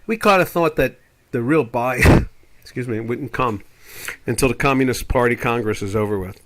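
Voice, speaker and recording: Over a noisy background, an older man of medium pitch and moderate pace hosts a live trading chat. He rambles through market charts with strong opinions, using put-on voices for quotes.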